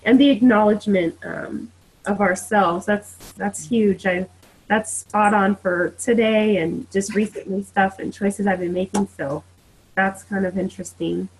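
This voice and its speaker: A woman guest in a casual chat, speaking in a hesitant, halting way. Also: mid-range voice, steady tone, slight background noise, rough recording.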